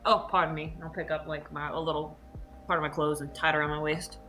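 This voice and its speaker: A woman playing a tabletop game, chatty and animated, with many fillers. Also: deep voice, fast, faint music behind. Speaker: player.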